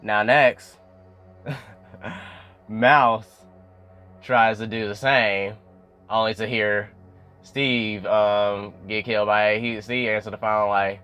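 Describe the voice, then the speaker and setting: A man's voice: on the low side, level tone, unhurried, smooth, lo-fi sound, faint music behind. A young man giving a casual recap of a TV episode. He talks in a chatty way, full of "you know" fillers, and acts out bits of the dialogue. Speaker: YouTube show recapper.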